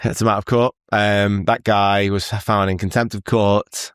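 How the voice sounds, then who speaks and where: Deep-voiced man commenting casually. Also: little pitch movement, unhurried, noisy background. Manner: rambling, laughs often. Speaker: reaction video host. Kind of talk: casual commentary over clips.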